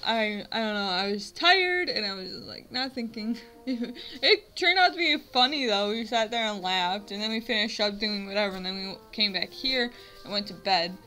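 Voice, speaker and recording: A young woman from the US, in her twenties, rambles to camera through a funny personal story, self-mocking and using lots of "like" fillers throughout. Her medium-pitched voice is bright and forceful, with lively intonation at normal speed. The audio is poor, with soft background music.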